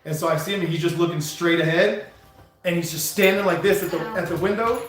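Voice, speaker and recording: A man's voice: high-pitched, quick pace. Man telling a story in a very echoey room. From California. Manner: rambling, animated anecdote with many restarts and chuckles. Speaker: truck driver and live stream host. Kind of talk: casual storytelling on a live stream.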